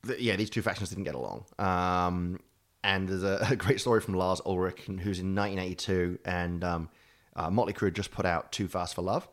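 A man with a low voice telling a story in casual chat, rambling, swearing freely and laughing often. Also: fairly quick. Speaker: podcast co-host telling a story.

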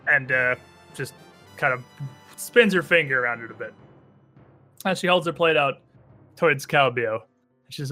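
A man narrating as game master of a tabletop role-playing game, in an animated, descriptive storytelling manner. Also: mid-range voice, normal speed, long pauses, soft background music.

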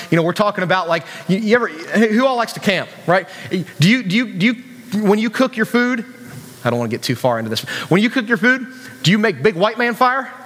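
High-pitched west virginia guy preaching, chatty, restarts a lot, long hall echo. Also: fairly bright tone. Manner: conversational, chatty preaching with many restarts and asides to the audience. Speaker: youth pastor. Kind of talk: sermon.

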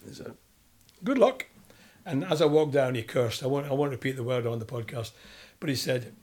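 A man's voice: mid-range voice, brisk. An older Scottish man, a former footballer, recounting anecdotes in an interview and acting out the voices of people he quotes. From Scotland. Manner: animated storyteller, acts out quoted voices. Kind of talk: storytelling interview.

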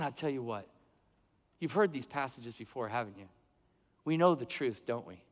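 A middle-aged man preaching a sermon, conversational, asking the congregation questions and acting out the people he quotes. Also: mid-range voice. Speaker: pastor. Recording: long hall reverb.

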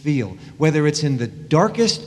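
A man's voice: a little high, sing-song, moderate pace, a little mellow, big-room sound. A man teaching about the Bible, emphatic and repeating key phrases.

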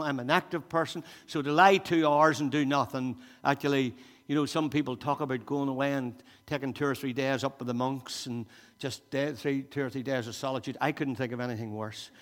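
A man preaching a sermon as pastor, animated and repetitive, turning soft and quiet when he voices a prayer. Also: medium pitch, fairly quick. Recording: long hall reverb.

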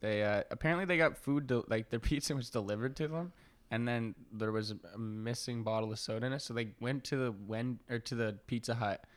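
A man's voice: medium pitch, brisk. A young man co-hosting a podcast in casual chat, easygoing, laughing often and swearing casually. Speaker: podcast co-host.

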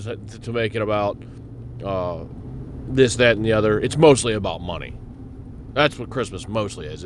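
Low-voiced man ranting profanely while driving. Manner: profane, blunt, rambling. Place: in a car. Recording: car road noise behind. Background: road rumble.

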